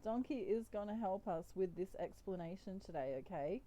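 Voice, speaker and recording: A woman's voice: medium pitch, lively intonation, moderate pace, dark tone, low-quality recording. A woman who reads tarot, chatting casually and playfully and often giggling while she explains things using toy puppets. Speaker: tarot reader. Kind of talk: casual chat.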